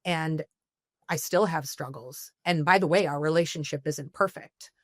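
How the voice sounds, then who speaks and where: A woman's voice: sits low, moderate pace, dry recording, clean studio sound. A woman speaking as a therapist guest on a podcast, giving earnest advice and checking in with "okay?" often.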